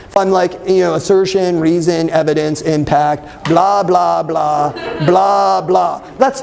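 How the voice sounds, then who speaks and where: A young man teaching a debate class, lively and constantly asking his students questions. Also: extremely high pitch. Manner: animated, asks the class questions. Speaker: debate instructor. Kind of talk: classroom lecture.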